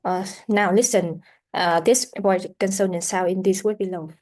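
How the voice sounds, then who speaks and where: A woman leads a pronunciation lesson at a middle pitch, halting on fillers as she explains each sound. She repeats sounds and words slowly so students can copy them. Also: steady tone, a little mellow. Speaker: pronunciation teacher.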